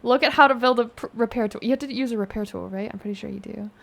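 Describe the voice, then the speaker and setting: A young woman streaming a game live, excitable and laughing often, swearing freely and using casual gamer slang. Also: a little high, fast, vocal fry, slight background noise. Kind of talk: live-streamed gameplay chat.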